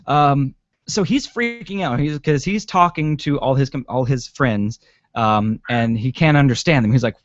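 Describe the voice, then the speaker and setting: In a dry, dull lo-fi recording, a podcast co-host with a mid-range voice talks at a moderate pace. He rambles through a casual chat about a TV episode, saying um a lot and swearing.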